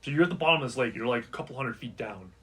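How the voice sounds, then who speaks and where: A man's voice: mid-range voice, lively intonation, rapid-fire, a bit bright. A man running a tabletop game as game master, describing scenes in a casual way. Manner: casual, describing scenes and voicing side characters. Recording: distant mic with faint noise.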